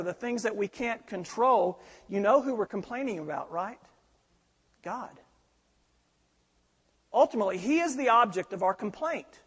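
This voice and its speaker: Male pastor, middle-aged, sermon, animated storyteller, high husky voice. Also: big-room sound.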